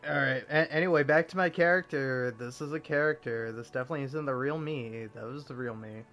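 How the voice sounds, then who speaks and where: A man in his forties with a gravelly smoker's voice, giving rambling, self-mocking, profane commentary while streaming a game. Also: mid-range voice, brisk, a bit bright, soft background music. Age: 40s. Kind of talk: casual gameplay commentary.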